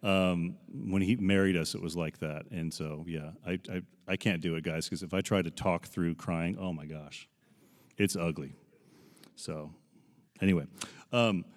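Pastor, 40s, male, very low voice, earnest and heartfelt sermon, echoing hall. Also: a little slow. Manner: earnest, emotional, conversational with scripture readings.

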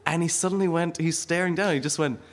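An Irish stand-up comedian with a fairly high voice talks fast as he tells a comic story on stage. He's animated, laughs often, and acts out the voices of the people in his story.

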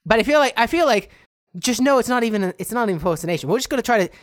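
A man's voice: very high voice, expressive, racing, no room sound, studio quality. A man co-hosting a comedy podcast, talking casually and animatedly, explaining things and joking at his own expense. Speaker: podcast co-host.

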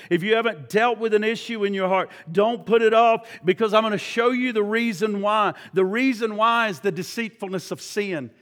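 High-voiced preacher in a reverberant hall. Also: male voice. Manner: fervent, quizzes the congregation with questions. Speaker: pastor. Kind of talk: sermon.

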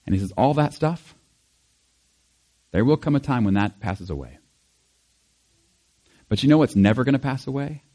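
A male pastor giving a conversational sermon, animated and chatty, acting out quotes with small laughs. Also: mid-range voice, normal speed, pauses often.

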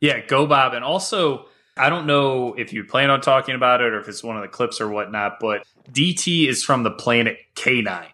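A man's voice: medium pitch, normal speed, hardly any pauses, pushed and bright. A man co-hosting a casual podcast, making wry, mocking asides. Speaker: podcast co-host. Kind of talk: casual chat.

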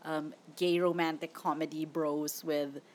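A woman's voice: sits low, level tone, a little slow, slight background noise. A young woman hosting a casual movie-review podcast, chatty and opinionated. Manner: chatty, opinionated, laughs often. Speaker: podcast host.

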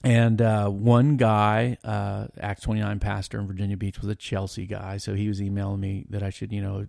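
A man talking as a podcast guest, telling stories in a rambling, animated way with lots of restarts. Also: lowish voice, moderate pace, vocal fry, hardly any pauses, no room sound, studio quality. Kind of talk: casual storytelling chat.

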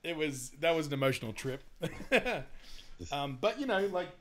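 A man's voice: fairly high pitch, very animated, normal speed. A young adult man chatting casually about a film, rambling with lots of fillers, laughing often and swearing freely. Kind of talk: casual movie review chat.

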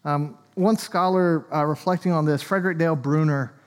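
A man's voice: fairly high pitch, steady tone, normal speed, clear, resonant tone, big-room sound. A man, an Anglican priest, preaching a sermon in a conversational way with joking asides. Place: church.

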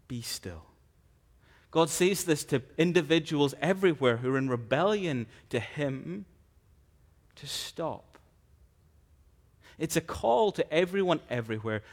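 Male preacher, mid-pitched voice, earnest and measured sermon delivery. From Scotland. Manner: earnest, measured preaching with slow emphatic phrases.

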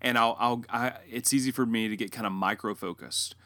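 A man's voice: fairly even intonation, a little fast, pushed and bright, no room sound. A man in his thirties or forties co-hosting a casual podcast chat, telling stories and acting out his own past lines. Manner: storytelling, acts out his own past lines with rising pitch. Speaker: podcast co-host.

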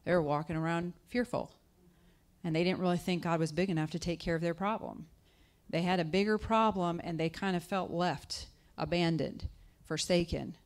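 Here a woman guest speaker delivers a chatty sermon at a moderate pace, her intonation fairly even. She questions the listeners directly and voices scripture characters with marked pitch jumps.

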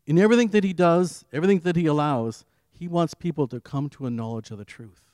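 A man giving an earnest devotional sermon, telling his own story and swinging between firm emphasis and quiet asides. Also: fairly high pitch, fast talker, no echo. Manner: earnest, rising on key phrases and dropping to quiet asides. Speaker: preacher. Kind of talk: devotional sermon with personal testimony.

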